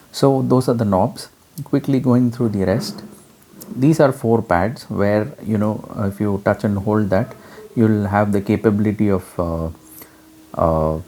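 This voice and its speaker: A man explaining an audio mixer in a relaxed hands-on demo, with frequent fillers. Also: deep voice. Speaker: gear reviewer.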